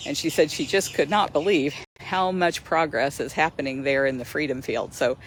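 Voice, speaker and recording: Outdoors near a lake, the host of a sanctuary livestream chats casually into her phone, enthusiastic and laughing often. She has a low voice with fairly even intonation at normal speed, and there's slight background noise.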